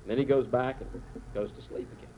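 A man preaching a sermon, telling the story dramatically with slow, emphatic phrases. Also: mid-range voice, fairly even intonation, warm tone. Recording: tinny phone-like sound with faint noise.

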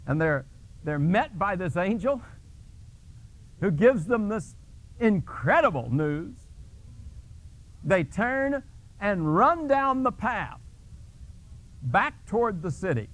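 Preacher guy giving a sermon, slow and drawn out, voice jumps all over as he tells the story. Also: big pitch swings, a bit bright. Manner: dramatic storytelling with sudden pitch jumps; restarts and fillers when explaining. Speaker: pastor.

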